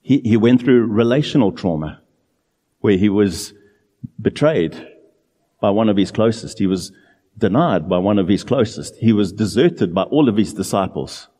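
A man preaching a sermon in an earnest, emphatic way, drawing out key phrases slowly. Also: on the low side, expressive, warm tone, slightly rough, long reverb tail.

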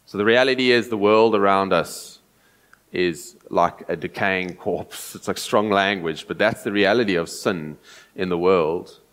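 A man preaching an earnest, explanatory sermon, often pausing and restarting as he thinks. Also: deep voice, a bit bright.

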